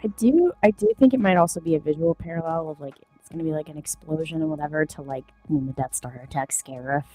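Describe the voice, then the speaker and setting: A woman co-hosting a casual online podcast discussion, talking in an expressive, animated way and laughing easily. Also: deep voice, fast talker, faint music behind, poor audio. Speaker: podcast co-host. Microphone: remote call with a troublesome microphone.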